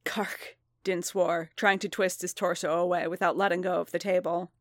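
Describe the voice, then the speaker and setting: A woman reading a story aloud in a steady, even narration. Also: on the low side, brisk, no room sound, studio quality. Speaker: reader. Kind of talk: audiobook-style story reading.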